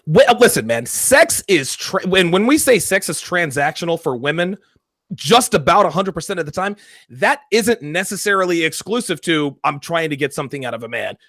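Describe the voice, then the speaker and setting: Animated, expressive man telling stories. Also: a little high, normal speed, no room sound, studio quality. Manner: animated, profane storytelling. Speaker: podcast host. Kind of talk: casual podcast conversation.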